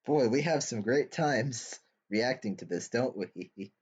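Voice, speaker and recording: A man co-hosting a reaction stream, talking in a dry, easygoing, gently teasing way. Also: medium pitch, lively intonation, slow pace, slightly rough. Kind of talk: casual chat.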